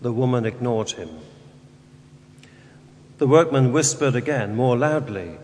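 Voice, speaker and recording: Priest reading the Gospel and preaching, slow deliberate delivery, rhetorical questions, long reverb from a large church. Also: male voice, mid-range voice, a little mellow. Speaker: Catholic priest.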